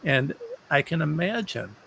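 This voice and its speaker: A man hosting a conversational interview. His voice is heavily gravelly and sits a little high for a man. He speaks earnestly, restarting phrases as he works toward his point. A faint hiss of noise runs under the recording. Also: sing-song, a little slow, a bit bright. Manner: earnest, repeats words while searching for them. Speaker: show host.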